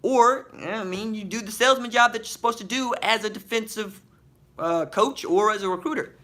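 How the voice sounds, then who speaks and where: This high-pitched man is a podcast host on a live stream. He reads viewers' chat questions aloud, then fires back answers full of slang, lively banter and rapid rhetorical questions.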